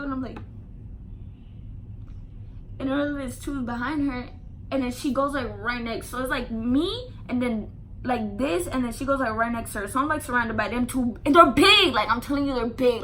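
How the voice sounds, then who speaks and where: High, bright-voiced woman telling a story. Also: moderate pace, slight background noise. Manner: animated, emphatic and profane, lots of "like" fillers. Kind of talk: casual storytime.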